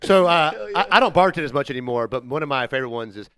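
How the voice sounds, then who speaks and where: A man's voice: on the high side, rapid-fire. A man hosting a casual podcast, telling bar stories and acting out customers. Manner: animated storytelling, acting out customers. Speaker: podcast host.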